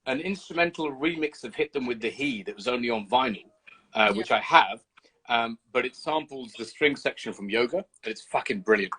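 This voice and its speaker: A man's voice: mid-range voice, animated, a little fast, sharp tone, breathy edge. A man hosting a casual livestream chat from home on his phone, laid-back and swearing freely. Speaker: host.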